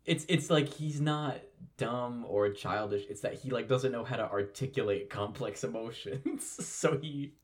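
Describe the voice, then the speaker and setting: A man's voice: medium pitch, a little slow, hardly any pauses. A man co-hosting a podcast in casual chat, earnestly reflecting on a show and laughing often. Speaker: podcast co-host.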